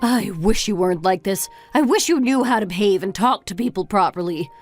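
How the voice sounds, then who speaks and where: A woman's voice: mid-range voice, animated, a little fast, soft background music, lightly acted. A woman voicing a weary middle-aged mother who lectures her grown son reproachfully. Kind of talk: story narration dialogue.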